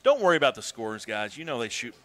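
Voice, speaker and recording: A man casually commentating a golf video game stream, joking, swearing and bursting into excited shouts. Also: mid-range voice, fast.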